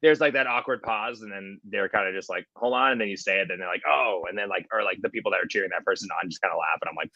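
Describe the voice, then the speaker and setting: A man's voice: deep voice, racing, hardly any pauses, sharp tone, muffled recording. A man who works as a competition MC and coach, chatting casually with many fillers and restarts. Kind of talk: casual podcast chat.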